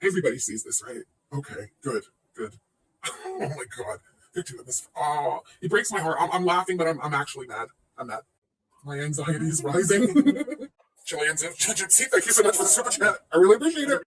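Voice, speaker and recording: Brief: woman in her thirties, reaction streamer, sarcastic and swearing, animated pitch, mic set back a bit. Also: a little fast, recorded from a distance, a little hiss or hum, low-quality recording. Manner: sarcastic, swearing, laughs often. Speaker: livestream host reacting to another streamer. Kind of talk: casual commentary livestream.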